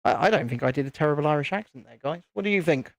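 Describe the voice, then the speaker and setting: A man's voice: a little high, expressive, rapid-fire, creaky, dry recording, studio quality. A British man casually chatting and rambling with jokes while hosting a live building stream. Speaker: livestream host.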